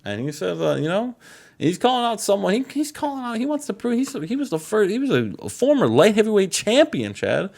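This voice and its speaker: A man's voice: high-pitched, very animated, brisk, gravelly, a little mellow. A man hosting a casual game commentary, rambling and playful, swearing and addressing his co-host often. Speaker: gaming channel host. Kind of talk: casual let's-play commentary.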